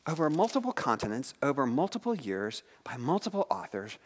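A man preaching a sermon, retelling scripture stories in a lively way and asking his listeners questions. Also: mid-range voice, a little fast, hardly any pauses, breathy edge. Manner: animated storytelling preacher, asks the audience questions. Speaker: pastor.

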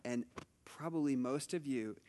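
A man's voice: medium pitch, unhurried, dark tone, in a large hall, a little hiss or hum. A middle-aged man preaching a conversational sermon, telling stories with lots of asides and restarts. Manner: chatty storytelling, many asides and restarts. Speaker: pastor.

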